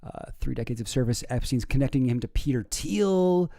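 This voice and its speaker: A man's voice: mid-range voice, expressive, normal speed, gravelly, warm tone, no echo, studio quality. A man hosting a stream, giving casual, sardonic, rambling reaction commentary. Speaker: streamer host.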